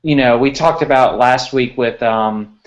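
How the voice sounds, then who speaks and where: A man's voice: medium pitch, a little slow, dull audio. A man who covers sports recruiting, chatting casually and restarting his sentences as he thinks. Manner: conversational, repeats words while thinking. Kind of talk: casual podcast chat.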